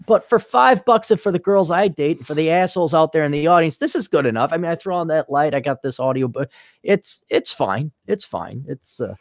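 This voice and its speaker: A man's voice: fairly high pitch, fairly quick, no room sound, studio quality. Crude joking man on a video call. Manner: crude, joking, animated storytelling with voiced quotes. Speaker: podcast host. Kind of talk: casual chat.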